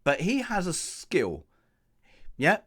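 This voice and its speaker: A man's voice: sits high, slow pace, slightly rough. A man casually reviewing a film, sarcastic and jokey, acting out characters' lines as he goes. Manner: animated, acts out characters' lines.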